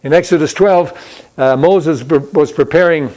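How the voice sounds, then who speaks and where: A man's voice: on the high side, normal speed, darkish tone. A man preaching a sermon as pastor in a church, in a conversational storytelling way that repeats key points.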